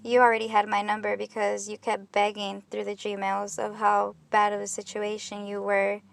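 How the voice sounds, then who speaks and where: A woman's voice: medium pitch, monotone, moderate pace, creaky. A woman commenting on clips in a reaction video, talking in an accusatory, rambling and scornful way. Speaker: YouTube commentator.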